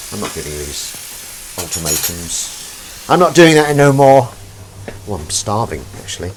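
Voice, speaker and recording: Low-voiced guy rambling at the sink, voice jumps all over, pans sizzling loud behind. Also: noisy background. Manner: rambling, self-mocking, chatting to viewers. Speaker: livestream host washing up. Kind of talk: casual live-stream chat. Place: home kitchen at the sink. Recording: clear kitchen sizzle and clatter behind. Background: frying and sizzling food, clinks.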